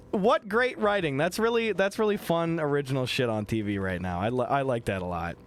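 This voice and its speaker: Fairly quick and hardly pausing, a medium-pitched young man from the Midwest livestreams with lots of joking and swearing. He reads viewer messages aloud in an animated way, with a little hiss or hum in the audio.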